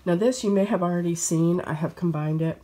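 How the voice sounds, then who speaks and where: Low-voiced woman, croaky from a cold. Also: a little fast, warm tone. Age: adult with children. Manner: chatty, with frequent fillers and restarts. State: hoarse from a cold. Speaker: sewing vlogger. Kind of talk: casual chat to camera.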